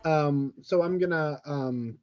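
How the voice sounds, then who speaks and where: A man's voice: on the high side, slow pace. A man playing a tabletop game who speaks hesitantly and often restarts his sentences. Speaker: player. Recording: dull lo-fi audio.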